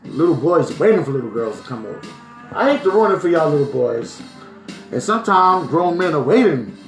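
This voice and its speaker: Emphatic man from New Jersey preaching on a phone stream; raised pitch, roomy echo, soft music underneath. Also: sing-song, a little fast. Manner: preachy, emphatic, keeps asking "right?". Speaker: vlogger. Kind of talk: live-streamed commentary. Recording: echoey room with faint music.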